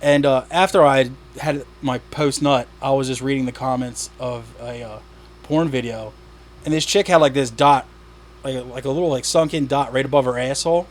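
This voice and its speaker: A man's voice: mid-range voice, steady tone, normal speed. A man hosting a casual podcast, telling stories with lots of swearing and laughter. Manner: profane, laughing storyteller. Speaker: podcast host.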